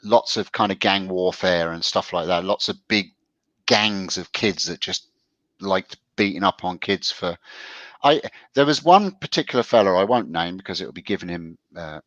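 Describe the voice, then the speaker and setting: A man's voice: normal speed, no room sound, lo-fi sound. A man co-hosting a casual show, telling stories in a chatty way with frequent laughs. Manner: chatty storyteller, laughs often, lively pitch. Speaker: co-host. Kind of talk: casual chat.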